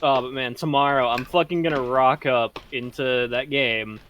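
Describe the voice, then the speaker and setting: A man with a mid-pitched voice, chatting eagerly and cursing casually. Faint noise hums under the voice. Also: moderate pace. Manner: excitable, swears casually. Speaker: tabletop game player. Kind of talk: casual chat.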